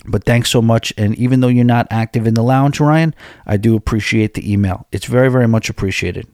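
A man's voice: mid-range voice, brisk, a little mellow, dry recording, clean studio sound. A man hosting a podcast in casual chat, candid and rambling, reading out listener emails and answering them. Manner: candid, rambling, restarts mid-sentence. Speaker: podcast host.

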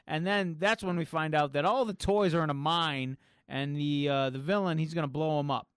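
Smooth-voiced man in casual podcast chat. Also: a little high, normal speed, a bit bright, dry recording, studio quality. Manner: rambling, lots of fillers. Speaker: podcast cohost.

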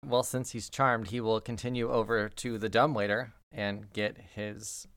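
A man narrating a tabletop game as game master, laid-back and quiet. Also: on the low side, flat delivery, measured pace, smooth, no echo, clean studio sound.

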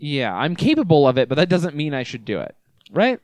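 Young female podcast co-host, deep voice, dry laid-back delivery. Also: big pitch swings, fairly quick, a little mellow, dry recording. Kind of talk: casual chat.

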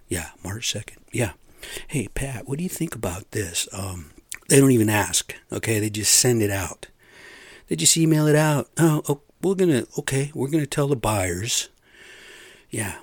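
A man's voice: medium pitch, dry recording. A middle-aged man venting to his listeners in a casual rant, frustrated and profane, rambling with lots of fillers. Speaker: construction site worker venting.

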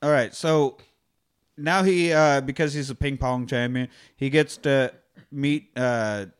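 A man chatting casually about a movie, animated and swearing, acting out lines in put-on voices. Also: medium pitch, unhurried, clean tone. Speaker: podcast co-host. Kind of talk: casual movie-recap chat.

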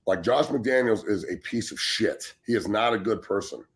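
On a laid-back sports talk show, a guest in his forties who once played football goes on a blunt, heated rant packed with swearing. His voice is fairly low with lively intonation at a moderate pace, and he often repeats words to restart his sentences.

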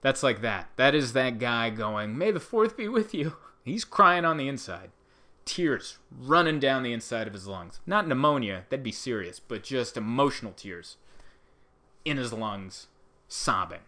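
A man doing a casual comedic monologue, rambling and exasperated, jumping into high mock outbursts. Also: lively intonation, unhurried, sharp tone. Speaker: comedian host.

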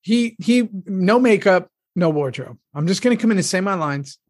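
Male podcast co-host with a husky voice who tells stories casually and dryly. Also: sits high, animated, normal speed, no echo. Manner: conversational, storytelling, swears casually. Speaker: podcast co-host, former cast member.

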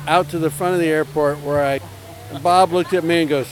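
Guy pilot telling a story, bit higher voice, acts out the quotes, music playing behind. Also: brisk, poor audio. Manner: animated anecdote-telling with acted-out quotes. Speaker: airline pilot telling stories. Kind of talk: casual storytelling.

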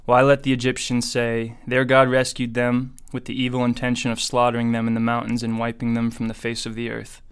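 A man voicing Moses as a pleading, angry male leader, with an even, measured reading delivery. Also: medium pitch, clean tone, lightly acted.

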